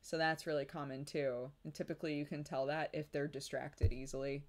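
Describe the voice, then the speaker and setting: A woman's voice: low-pitched, flat delivery, a little fast. A young woman streaming, chatting casually with her audience, laughing often and mimicking babies' cries.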